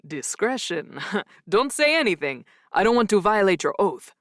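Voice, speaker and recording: A woman playing a giggly, gentle hotel manager. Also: high-pitched, big pitch swings, measured pace, no echo, clean studio sound, exaggerated voice. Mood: concerned. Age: middle-aged. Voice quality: gentle, soft voice. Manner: giggly and eager. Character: excitable middle-aged male hotel manager.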